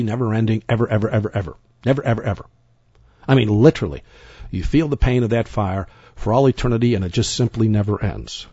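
A man's voice: on the low side, warm tone, breathy edge, dry recording, dull audio. A man giving sermon-style Bible teaching, emphatic and rambling, often repeating himself and restarting sentences.

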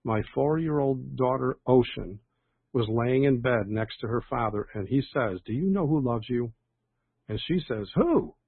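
Older male pastor, husky and gravelly, rambling chat over a dry phone line. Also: mid-range voice, normal speed, dry recording. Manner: rambling, chatty, with many fillers and restarts. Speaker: pastor leading an online prayer call. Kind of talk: casual reading and comment on praise reports.

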